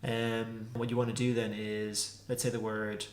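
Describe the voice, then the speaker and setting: A man teaching a casual pronunciation lesson, repeating consonant sounds slowly to demonstrate them. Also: fairly low pitch, flat delivery. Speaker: language teacher. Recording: echoey room.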